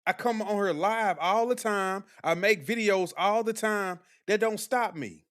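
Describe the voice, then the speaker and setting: A man's voice: high-pitched, measured pace, a bit bright, clean tone. A young man doing live-stream commentary, talking bluntly and combatively to his chat with heavy slang. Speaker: livestream commentator.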